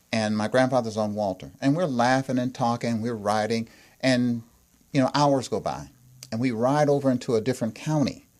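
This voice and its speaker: A man being interviewed as a guest author, unhurried and vivid as he tells a story. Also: medium pitch, a little mellow.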